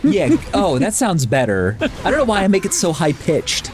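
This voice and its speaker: Male co-host, lively pitch, pedantic science explainer, casual chat. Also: moderate pace. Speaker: podcast co-host.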